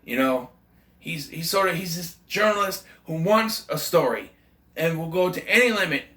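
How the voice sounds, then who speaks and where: A man talks through a film in a casual, rambling review, full of enthusiasm and self-corrections. His voice is bright and sits a bit high. The room around him is noticeably echoey. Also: animated, moderate pace. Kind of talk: casual movie review monologue.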